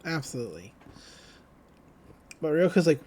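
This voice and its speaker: Podcast co-host, male, higher voice, chatty recapper who quotes characters loosely. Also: animated, takes it slowly, creaky, long pauses, darkish tone. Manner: retells scenes, quoting characters in loose paraphrase. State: just woke up. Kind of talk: casual anime recap chat.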